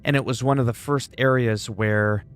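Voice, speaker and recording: A man's voice: medium pitch, steady tone, moderate pace. A man from Canada chatting casually with viewers while he plays a video game, rambling and greeting them by name. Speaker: livestreamer. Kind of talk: casual gameplay chat.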